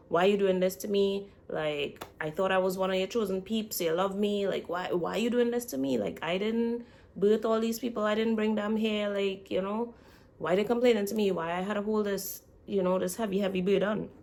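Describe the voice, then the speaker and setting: A man's voice: sits high, steady tone, normal speed, gravelly. A woman voicing the prophet Moses as an exasperated, overburdened man pleading with God in slangy, whiny complaints.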